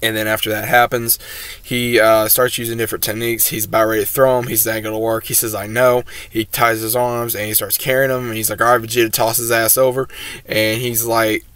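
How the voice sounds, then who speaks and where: A man hosts his own video and walks through an episode in a loose, rambling recap full of fillers and "he says". His voice sits low and stays flat and level in pitch. The recording is dry, with no room sound. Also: brisk, no echo. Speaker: host.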